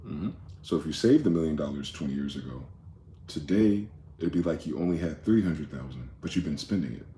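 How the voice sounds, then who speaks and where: A man's voice: extremely low pitch, expressive, brisk, dark tone, roomy sound, slight background noise. A man hosting a rambling late-night monologue, profane and conspiratorial in tone, with many asides. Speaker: host.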